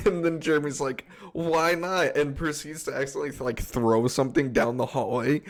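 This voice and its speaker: A man with a gravelly, mid-pitched voice co-hosts a casual gaming podcast. He tells his stories with lively energy and laughs often. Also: fairly quick. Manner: animated storyteller, laughs often, shouts meme quotes. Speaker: podcast co-host.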